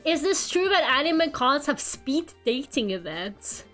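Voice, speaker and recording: A young woman chats with her stream in a high, unhurried voice, giggling and cursing casually. Her throat is a bit sore from a cold, and soft music plays faintly behind her. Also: sing-song. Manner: chatty, giggly, swears casually. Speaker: VTuber streamer. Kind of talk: casual live-stream chat while drawing.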